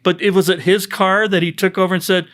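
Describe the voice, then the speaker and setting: Male podcast co-host, higher-pitched, sarcastic joker who swears freely in casual film chat. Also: flat delivery, quick pace, fairly bright tone.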